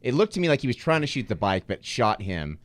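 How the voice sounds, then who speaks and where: A man's voice: mid-range voice, very animated, fast, dry recording. A man co-hosting a casual movie podcast, reflective and hesitant, repeating words as he thinks. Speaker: podcast co-host. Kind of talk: casual film discussion.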